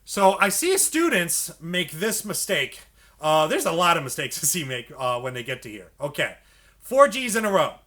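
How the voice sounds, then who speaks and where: Male sax teacher, high animated voice, patient step-by-step coaching. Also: moderate pace. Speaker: saxophone teacher. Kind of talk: instructional explanation for beginners.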